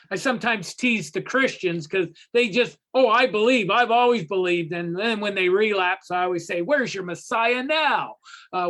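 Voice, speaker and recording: A man facilitating a recovery workshop over a video call, teaching with spoken parables as an animated storyteller who repeats phrases for emphasis. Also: high voice.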